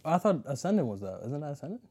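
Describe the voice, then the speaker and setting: Man, mellow warm tone, reflective, quick to laugh, casual conversation. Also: a little high, sing-song, breathy edge. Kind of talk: casual chat.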